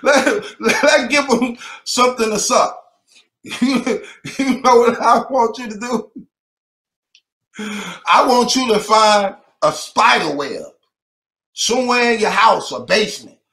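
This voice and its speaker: A man's voice: extremely high pitch, lively intonation, slow, creaky, long pauses, bright, forceful tone, roomy sound. A man delivering a mocking rant to the camera, taunting and repeating his jabs and breaking into laughter between them.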